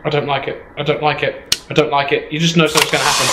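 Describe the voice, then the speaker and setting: A man's voice: fairly high pitch, level tone, very fast, sharp tone, roomy sound, slight background noise, poor audio. A man commentating a horror game, jittery, swearing and repeating himself. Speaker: gameplay streamer.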